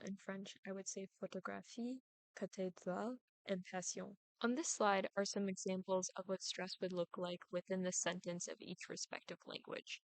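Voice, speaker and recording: A young woman, a student, reading her prepared class presentation aloud, deliberately overemphasizing stressed syllables in her examples. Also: on the low side, gravelly, no echo, low-quality recording.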